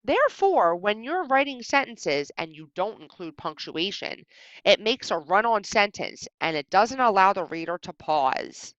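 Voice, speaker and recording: Woman teacher, animated delivery, marked pauses, dry muffled home recording. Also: medium pitch, dry recording. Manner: expressive, exaggerated pauses at punctuation. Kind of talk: recorded slideshow lesson. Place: indoors at home.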